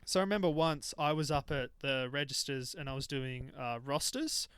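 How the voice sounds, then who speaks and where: Smooth-voiced man chatting. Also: medium pitch, normal speed, no room sound. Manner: animated storytelling. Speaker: podcast co-host. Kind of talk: casual chat.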